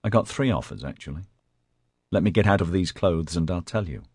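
A man's voice: low voice, expressive, brisk, a little mellow, slightly rough, dry recording, studio quality. A man voicing a weary, guarded young woman. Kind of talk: audiobook character voice.

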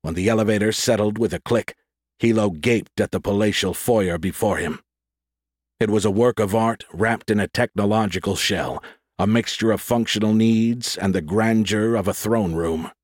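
In a dry, close recording with no room echo, a man with a fairly low voice reads an audiobook. His scripted narration is measured and descriptive.

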